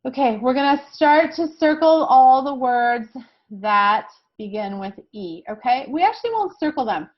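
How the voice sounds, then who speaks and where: A woman teaching a kindergarten lesson, slow and encouraging, often checking in with "okay?". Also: high-pitched, animated, lo-fi sound. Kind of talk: recorded classroom lesson for young children.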